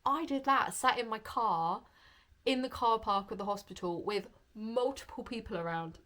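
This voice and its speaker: A woman's voice: on the high side, normal speed, pushed and bright. A young woman talking to camera in a chatty vlog, open and emotional, gushing as she shares a personal story. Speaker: vlogger.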